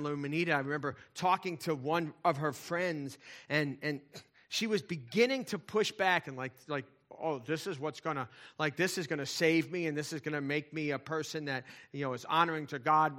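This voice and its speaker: Man, sermon, bright tone, slightly high pitch, chatty storytelling, emphatic swells. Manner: conversational, swings from soft asides to loud emphatic points. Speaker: pastor.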